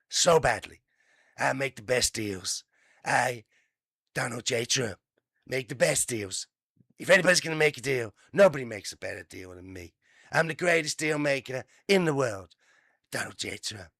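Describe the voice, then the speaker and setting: A man's voice: medium pitch, expressive, moderate pace, a bit bright, dry recording, clean studio sound. A man putting on an impression of a boastful, blustering older male politician, brash and repetitive.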